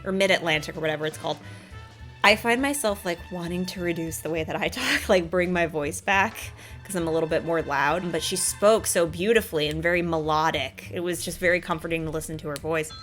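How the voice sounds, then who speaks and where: A woman hosting a casual chat, animated and enthusiastic, often laughing as she talks. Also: lowish voice, brisk, soft background music. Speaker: host.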